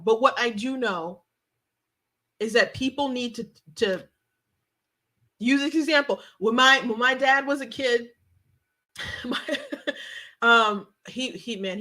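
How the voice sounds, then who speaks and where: A woman's voice: fairly high pitch, bright, forceful tone. A woman hosting a commentary show, speaking emphatically and repeating points for stress, with frequent restarts. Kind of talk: opinionated news commentary.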